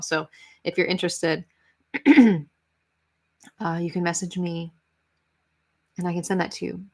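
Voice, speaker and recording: A woman's voice: on the low side, creaky. An American woman hosting a casual live-stream question session, talking in a rambling way and correcting herself as she goes. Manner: rambling, self-correcting, filler-heavy.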